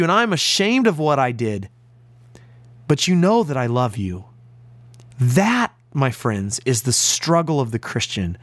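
An American man preaches with deep conviction, his voice climbing high and then dropping low and soft. His pitch sits a little above the usual for a man. The sound is close and dry, with no room echo. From United States. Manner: earnest, emphatic preaching with big pitch swings. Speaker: pastor. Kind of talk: radio sermon.

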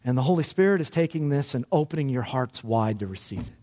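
A man preaching a sermon with great passion, dropping to a hush and then rising to loud, urgent cries. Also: medium pitch, lively intonation, quick pace. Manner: impassioned, swinging from hushed to loud. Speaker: pastor.

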